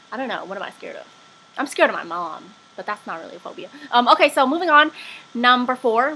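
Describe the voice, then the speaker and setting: Young woman rambling through a vlog, chatty, kinda high, very bright voice. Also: slight background noise. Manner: chatty, lots of fillers and asides. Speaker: vlogger. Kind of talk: casual chat.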